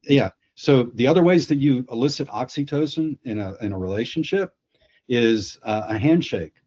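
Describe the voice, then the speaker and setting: A man's voice: medium pitch, warm tone, husky, muffled recording. A man on a video call explaining sales psychology through anecdotes, often restarting his words. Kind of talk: storytelling on a webinar panel.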